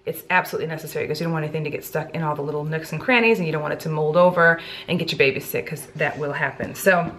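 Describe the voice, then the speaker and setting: A woman's voice: low-pitched, rapid-fire, hardly any pauses, a bit bright. A young woman chatting casually to her camera at home in a family vlog, slangy and talkative, with music playing under her voice. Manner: chatty and slangy, drops into baby talk with the infants. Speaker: vlogger. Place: home, indoors.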